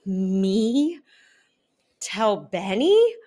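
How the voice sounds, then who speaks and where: A woman voicing an eager, excitable young boy bug in a storybook. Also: moderate pace, heavily acted. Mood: upset. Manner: high, eager childlike voice.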